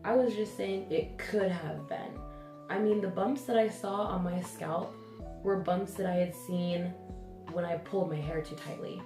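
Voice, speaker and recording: A woman's voice: fairly low pitch, unhurried. A young woman vlogging about her hair care, talking casually with a stuffy, nasal voice from the flu and many hesitant ums. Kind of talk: casual talking-to-camera vlog. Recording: roomy sound with music behind.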